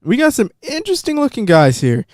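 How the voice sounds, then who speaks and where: A man's voice: very high-pitched, huge pitch swings, fairly quick, darkish tone, no room sound, studio quality. A man hosting a podcast in casual chat, talkative and hesitant with many ums. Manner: chatty, hesitant with frequent ums. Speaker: podcast host.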